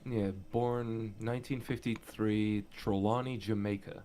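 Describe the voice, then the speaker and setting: A man's voice: fairly low pitch, fairly even intonation, a little slow, a crowd in the background. A man in casual chat, rambling and profane.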